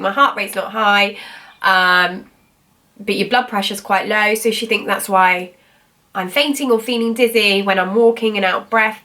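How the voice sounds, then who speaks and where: A woman's voice: medium pitch, bright, forceful tone, recorded from a distance. A woman, telling her own story in a rambling, chatty way, full of "like" and "I was like". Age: 20s. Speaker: vlogger. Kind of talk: casual personal storytelling.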